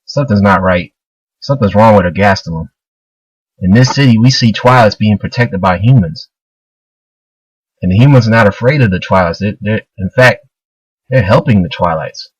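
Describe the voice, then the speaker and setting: A man's voice: fairly low pitch, normal speed, long pauses, slightly rough, dry recording, dull audio. Man doing a troubled young fighter. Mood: earnest.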